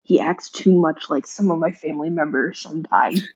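A woman's voice: sits low, moderate pace, a little mellow, husky. A young woman on a casual podcast, hesitant and stammering as she talks. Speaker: podcast guest. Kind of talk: casual chat. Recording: dull lo-fi mic.

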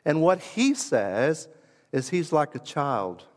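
A man preaching a sermon with emphasis, building through repeated phrases and pausing on purpose. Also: a little high, very animated. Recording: long hall reverb.

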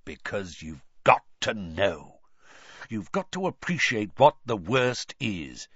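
A man voicing a gruff, scarred old wizard teacher who barks and drills his words. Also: on the low side, sing-song, takes it slowly, fairly bright tone, no echo, full character voice. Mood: stern lecturing. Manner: barking, drilling, emphatic. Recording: dull dry recording.

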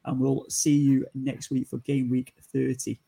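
Brief: podcast host, man, flat and mellow, raspy edge. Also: medium pitch, a little slow. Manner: wrapping up the show, hesitant fillers. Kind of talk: casual podcast chat.

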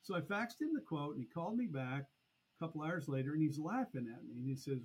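A middle-aged man, a podcast guest, telling a long story in a lively conversational way. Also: on the high side, brisk, husky, rough recording. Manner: animated, acts out past conversations. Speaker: podcast guest, annuity expert.

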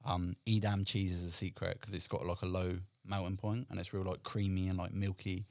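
Lively low-voiced man chatting about food. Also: brisk, vocal fry, no echo. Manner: animated storyteller, strong opinions on food. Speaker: guest cook. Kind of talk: casual podcast chat.

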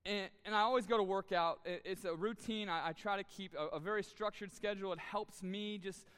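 A man's voice: high voice, fairly even intonation, a little fast, fairly bright tone, clean tone. A man preaching a sermon as a pastor, telling a personal story in an earnest, candid way and repeating words when moved. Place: church auditorium, live audience. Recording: long reverb of a large hall.

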